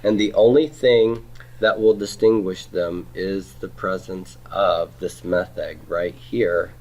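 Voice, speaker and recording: A man's voice: deep voice, steady tone, slow pace, a little mellow. A middle-aged man teaching a Hebrew grammar class, patient and often checking in with "okay?" and "right?". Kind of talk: classroom lecture.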